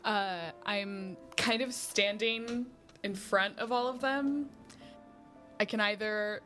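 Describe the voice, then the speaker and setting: A woman playing a tabletop role-playing game, describing her character in a gentle, measured way. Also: medium pitch, soft background music. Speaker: player.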